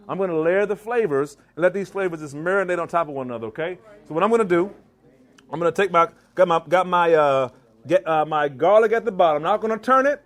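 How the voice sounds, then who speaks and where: A man from Maryland giving an animated live cooking demonstration in a church hall, teasing and quizzing his audience. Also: sits high. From Maryland, US East Coast. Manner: animated, teasing, asks the crowd questions. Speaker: chef giving a cooking demo.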